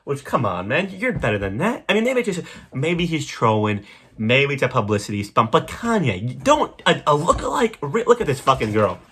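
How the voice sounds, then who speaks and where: A young man hosting a podcast, delivering a crude, rambling comedic monologue with sudden loud jumps. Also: fairly high pitch, slight background noise. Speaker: podcast host.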